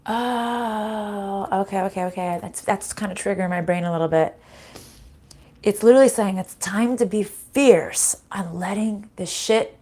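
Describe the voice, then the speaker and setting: An American woman gives a casual tarot reading into a desk microphone, her mid-range voice moving a little slowly. She's blunt, swears freely, and laughs a lot.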